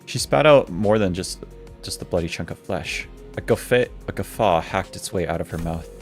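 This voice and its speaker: A man's voice: deep voice, animated, normal speed, soft background music. A male streamer reading a game's story text aloud, often restarting words he stumbles on.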